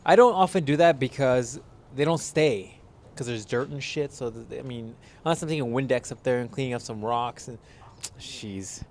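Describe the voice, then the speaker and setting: A man's voice: medium pitch, normal speed, darkish tone. Blunt, profane young man chatting. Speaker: podcast co-host. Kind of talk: casual podcast banter. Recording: faint background noise.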